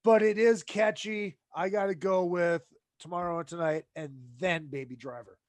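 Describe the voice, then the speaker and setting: Animateur à voix aiguë et sèche. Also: male voice, high-pitched, steady tone, moderate pace, no room sound. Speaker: host. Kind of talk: casual chat.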